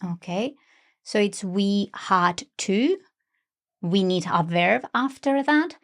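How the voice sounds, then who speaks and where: Woman co-host on an english podcast, thinks out loud, bit of vocal fry. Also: medium pitch, lively intonation, slow pace. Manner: curious, reasons aloud with frequent backchannels. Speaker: co-host and learner. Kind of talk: podcast lesson dialogue.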